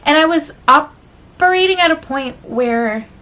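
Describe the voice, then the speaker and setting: A woman's voice: high-pitched, lively intonation, unhurried, bright, forceful tone, a little hiss or hum. A woman vlogger talking candidly and emotionally to her viewers in a rambling, confessional chat full of fillers. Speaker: book vlogger.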